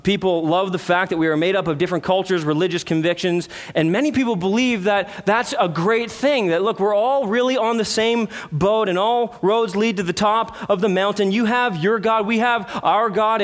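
A man preaching a sermon, earnest, with rhetorical questions and dramatic pauses. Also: sits high. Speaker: pastor.

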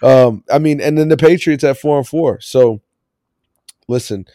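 A man hosts a casual sports podcast with a mellow, warm voice. He rambles loosely and laughs often. The sound is dry and close. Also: medium pitch, unhurried, no echo. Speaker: podcast host.

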